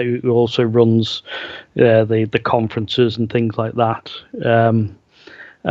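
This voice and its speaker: Scouse male guest, fifties, monotone, hesitant, dull dry recording. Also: mid-range voice, dry recording. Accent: Liverpool (Scouse). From Liverpool, England. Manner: hesitant, many ums and uhs. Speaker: guest author. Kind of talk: casual interview talk.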